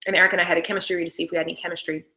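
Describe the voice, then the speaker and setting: A woman's voice: on the low side, flat delivery, racing, sharp tone, rough recording. A young woman casually chatting about filming her show, rambling with lots of "like"s. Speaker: actress commenting on her show. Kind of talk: casual behind-the-scenes commentary.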